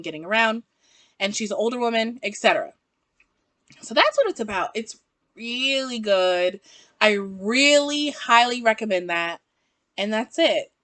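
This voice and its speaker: A young woman with a fairly high voice talks through her recent reads in a loose, rambling way, laughing at her own slips. The sound is dry and close, with no room around it. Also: no room sound. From American South. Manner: rambling, chatty, laughs at herself. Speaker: book reviewer. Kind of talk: casual book-review vlog.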